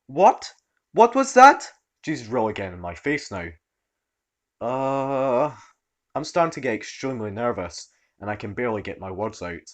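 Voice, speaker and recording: A man narrating online stories in an animated, expressive storytelling manner. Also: on the low side, normal speed.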